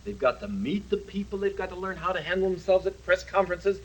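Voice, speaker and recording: TV puppet comedy: self-important dragon candidate, rambling patter, lively high pitch. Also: male voice, quick pace, slight background noise, rough recording. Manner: pompous, rambling salesman patter. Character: boastful good-natured male dragon, perennial candidate. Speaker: puppet character.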